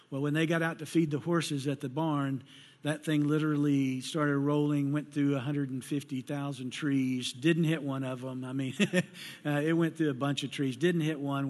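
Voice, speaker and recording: A middle-aged man preaching a sermon, telling folksy personal stories and acting out the voices of the people in them. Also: fairly high pitch. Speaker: pastor. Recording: long hall reverb.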